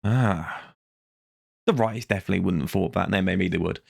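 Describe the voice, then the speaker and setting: A man's voice: sits low, fairly quick, creaky, no echo, studio quality. A tired man, ranting in a rambling, sarcastic vlog review that keeps correcting itself. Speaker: vlogger.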